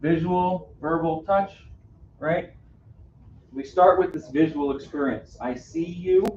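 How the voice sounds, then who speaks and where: A man with a slightly high, darkish voice speaks slowly while presenting a caregiving workshop to a live audience on a cruise ship. He engages the room with questions and a frequent "right?", and the roomy, distant, dull recording has slight background noise.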